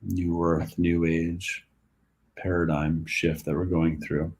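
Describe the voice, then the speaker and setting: A man's voice: sits low, flat delivery, slow pace, darkish tone, husky. A male podcast host talking casually, rambling with lots of "like" and "you know". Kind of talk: casual conversation.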